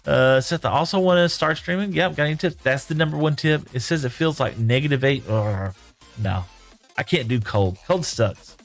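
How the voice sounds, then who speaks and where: A man's voice: medium pitch, moderate pace, creaky, faint music behind. Folksy male streamer reading chat. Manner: reads chat aloud and answers in a folksy, rambling way. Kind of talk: casual live-stream chat. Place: home room.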